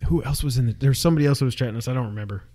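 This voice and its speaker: A young man co-hosting a casual gaming podcast, an animated storyteller who acts out his own yelling. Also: mid-range voice, rapid-fire. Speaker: podcast co-host.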